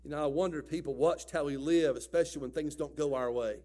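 A male pastor, preaching a sermon and moving from quiet storytelling to loud exhortation. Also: fairly high pitch, quick pace.

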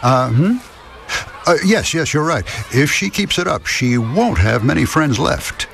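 An actor playing a gentle, fatherly older widower in a radio drama, speaking softly and affectionately with chuckles. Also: fairly high pitch, animated, measured pace, gravelly, exaggerated voice. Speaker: kindly widower adopting an orphan.

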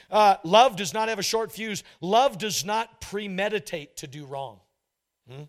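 A man with a high-pitched voice delivers a sermon to his congregation. He is emphatic, repeats his key phrases for effect and slips into mock voices to act out examples. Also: lively intonation, moderate pace. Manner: emphatic preaching, repeats phrases, mimics couples in quotes. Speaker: pastor.

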